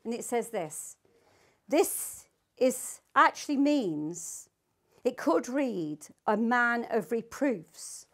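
A woman's voice: fairly high pitch, big pitch swings, slow, a bit bright. An older woman teaching the Bible to a small group, reading scripture aloud and asking her listeners emphatic questions.

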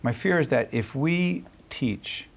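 A man's voice: medium pitch, expressive, slow, vocal fry. A man hosting a TV studio interview who keeps interrupting with probing questions and plays devil's advocate. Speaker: TV interview host.

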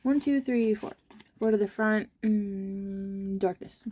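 A woman's voice: medium pitch, fairly even intonation, slow, mellow. A young woman chatting casually and self-deprecatingly while she opens trading card packs on her channel. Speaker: card-opening vlogger.

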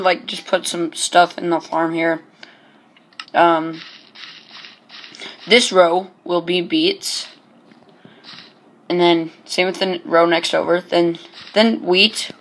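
A man's voice: high-pitched, steady tone, slow pace, pauses often, fairly bright tone. A man giving casual gameplay commentary as host of his own channel, hesitant and full of ums, joking as he goes. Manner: hesitant, many ums and restarts; chatty and joking.

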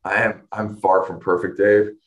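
A man's voice: fairly low pitch, little pitch movement, fairly bright tone, rough recording. Earnest middle-aged man telling his story. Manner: earnest storytelling with restarts and emotional pauses. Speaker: interview guest. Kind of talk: personal testimony in conversation.

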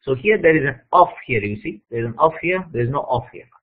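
Man, lecturer, husky voice, narrow tinny audio, frequent okay check-ins. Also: mid-range voice, expressive, quick pace. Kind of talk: explaining slides in a recorded lecture.

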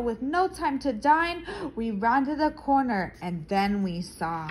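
A woman reading a children's picture book aloud, expressive and stopping to explain words to young listeners. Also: medium pitch, slow pace, hardly any pauses, a little hiss or hum, rough recording. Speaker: storyteller for children.

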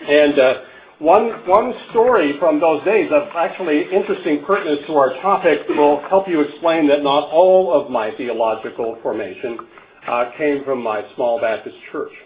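A man's voice: fairly high pitch, moderate pace. Older man lecturing over a tinny line. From Canada. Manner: wry storyteller, chuckles at his own jokes, some stammered restarts. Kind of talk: conference lecture with anecdotes. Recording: phone-like narrow band.

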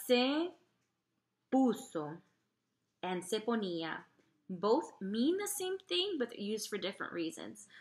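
Woman teacher, lowish bright voice, slow and deliberate, lots of fillers. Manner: models Spanish phrases slowly and carefully. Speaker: Spanish teacher. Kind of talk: slow, patient lesson.

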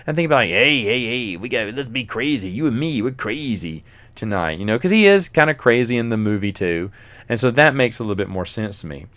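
Rambling man hosting a casual podcast. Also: mid-range voice. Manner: rambling, lots of fillers, chuckles often. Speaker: podcast host reviewing a book. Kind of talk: casual solo podcast chat.

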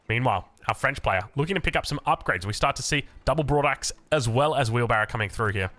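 Lively Australian man casting a game. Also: a little high, a little hiss or hum. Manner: chatty, self-mocking asides. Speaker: game caster. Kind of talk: esports commentary.

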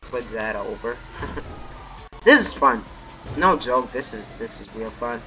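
A young man giving live commentary on a co-op game, excitable and foul-mouthed, yelling at his teammate. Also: medium pitch, measured pace, slight background noise, low-quality recording. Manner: excitable, swears a lot, shouts at his teammate. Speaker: gamer playing co-op missions.

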